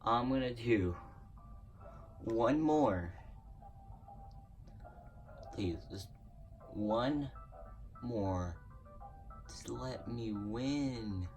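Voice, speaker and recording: A man talks over his gameplay in a loose, excitable way, groaning and begging the game to go his way. His pitch jumps around a lot while his pace stays slow. He sounds a touch distant from the mic, with loud game music playing underneath. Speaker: gaming YouTuber. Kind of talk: casual gameplay commentary. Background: video game music.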